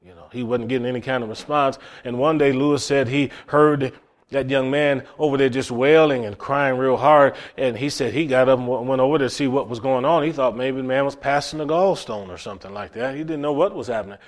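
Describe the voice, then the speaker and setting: A pastor with a drawl delivers a sermon, stacking phrase on phrase to drive each point home. His pitch sits in an ordinary middle range for a man. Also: brisk. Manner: preaching with emphatic repetition.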